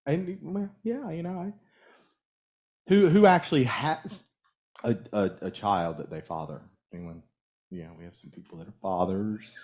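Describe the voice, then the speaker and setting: A man minister preaching in a relaxed, conversational way, often stopping to ask the congregation questions. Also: on the low side. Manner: conversational, halting with restarts, asks the audience questions. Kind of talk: casual sermon. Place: church sanctuary.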